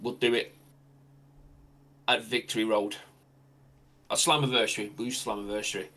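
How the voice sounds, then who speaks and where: A man's voice: lowish voice, moderate pace. Male host improvising a wrestling story. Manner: animated, improvising. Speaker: podcast host. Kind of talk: fantasy-booking storytelling.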